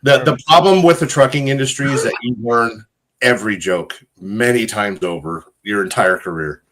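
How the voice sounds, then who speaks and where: A man's voice: mid-range voice, moderate pace, background noise. A man and trucker, casually rambling through jokes in a group chat with a self-deprecating manner. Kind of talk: casual joke-telling chat.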